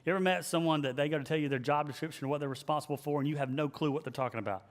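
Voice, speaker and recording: A man who is a pastor, giving an emphatic, animated leadership teaching and repeating his key phrases. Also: a little high, rapid-fire. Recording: long hall reverb.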